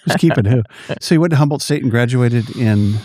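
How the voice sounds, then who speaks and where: A man's voice: mid-range voice, fairly quick, a little mellow, no room sound, studio quality. A man hosting a podcast, chatting casually with his guest, cracking jokes and chiming in often. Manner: chatty, jokey, frequent interjections. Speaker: podcast host. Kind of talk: casual interview chat.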